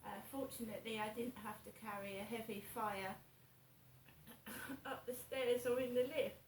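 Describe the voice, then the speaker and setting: A woman, rambling through a slow, repetitive story about her morning while she vlogs in her flat. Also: a little high, reverberant, far from the mic, slight background noise, rough recording. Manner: slow, repetitive, anxious retelling. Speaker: vlogger.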